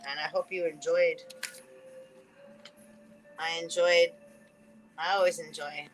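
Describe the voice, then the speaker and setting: A woman giving a spiritual card reading in a casual livestream chat, rambling and animated, full of "like" and quick laughs. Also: low voice, music in the background, poor audio.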